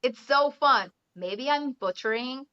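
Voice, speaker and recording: Her voice is high-pitched and smooth, and she speaks slowly: a Brazilian English teacher being interviewed in a casual chat. She speaks English with a Brazilian Portuguese accent, laughs frequently, and relies on "you know." The recording sounds muffled and lo-fi.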